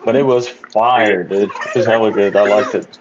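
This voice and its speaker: A man hosting a casual podcast chat, laid-back and quick to laugh. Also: lowish voice, steady tone, lo-fi sound, noisy background. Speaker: podcast host.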